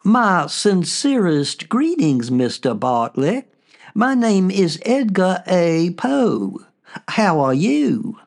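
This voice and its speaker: A man voicing the courtly, soft-spoken ghost of a 19th-century male poet, with a Southern drawl. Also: high voice, very animated, slow, gravelly, pitched above the performer's own voice, heavily acted.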